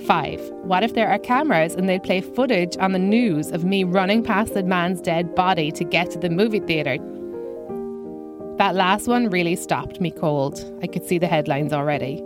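A woman comedian tells a comic story about herself in a dry, self-mocking tone. Her voice sits a little low. Faint music plays under her. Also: normal speed. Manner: dry, self-deprecating delivery. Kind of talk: first-person comic storytelling.

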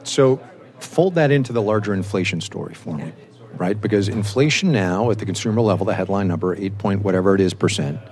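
Hosting a public radio business program on location in a cafe, a middle-aged man talks in a wry, conversational way. His voice is on the low side, brisk, and a little mellow.

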